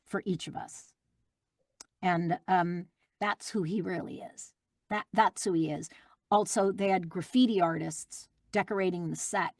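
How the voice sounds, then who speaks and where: A woman's voice: lowish voice, no room sound. Middle-aged woman telling stories, dry sound. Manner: warm, animated storytelling with fillers. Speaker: guest voice actress. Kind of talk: casual interview chat.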